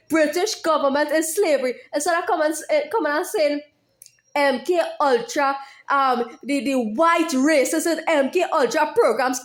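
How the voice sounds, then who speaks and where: A woman YouTuber speaking in an impassioned monologue, heated and profane, repeating her phrases over and over. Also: sits high.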